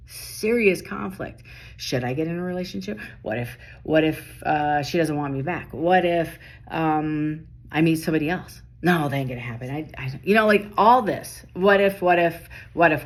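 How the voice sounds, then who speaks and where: A tired woman reading tarot late at night, talking in rapid bursts that stop and restart mid-sentence. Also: low voice. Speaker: tarot reader.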